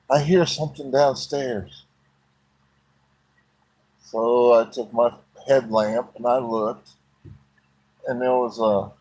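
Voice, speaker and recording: Man, folksy storyteller, plain-spoken, husky, slow delivery. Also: mid-range voice, a little mellow, poor audio.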